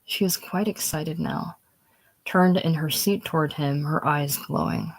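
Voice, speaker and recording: Low-voiced woman reading stage directions. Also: sing-song, a little slow, creaky, rough recording. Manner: reads stage directions plainly. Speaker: reader. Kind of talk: casual screenplay reading.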